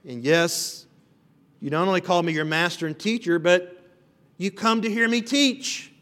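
A man's voice: high voice, unhurried, fairly bright tone. A man preaching an expository sermon as pastor, earnest and building emphasis on repeated phrases. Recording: long reverb of a hall.

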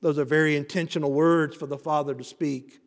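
A male pastor preaching an expository sermon, building to emphatic rising passages and then dropping low. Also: fairly even intonation, a little fast. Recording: reverberant hall.

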